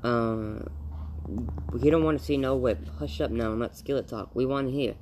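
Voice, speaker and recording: A man voicing a brisk, sharp-tongued frontier mother who is also hospitable. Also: mid-range voice, slight background noise, lightly acted. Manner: brisk and scolding.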